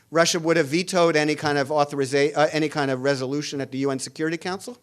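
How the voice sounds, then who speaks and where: A middle-aged man giving a public lecture as an international relations professor, speaking in a measured way with frequent "uh" fillers and restarts. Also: a little high, smooth. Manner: reads quoted dialogue aloud with added emphasis. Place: lecture hall at a public forum.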